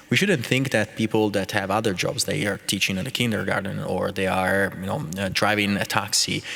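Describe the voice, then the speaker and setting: A man speaking as a panelist on a conference stage, halting with many restarts. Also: on the low side, creaky, a bit bright. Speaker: panelist, tech executive. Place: conference hall. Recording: reverberant conference hall.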